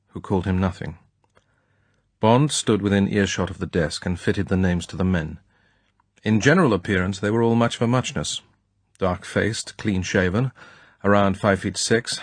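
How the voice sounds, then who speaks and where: A man narrating an audiobook in a measured, crisp storytelling manner. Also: fairly low pitch, no room sound. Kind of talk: scripted narration.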